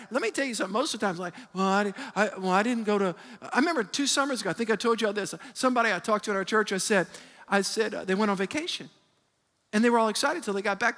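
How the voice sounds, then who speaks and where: Animated preaching pastor in a big hall. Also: male voice, high voice. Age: 50s. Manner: call-and-response preaching, animated storytelling. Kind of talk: sermon. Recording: long reverb of a large hall.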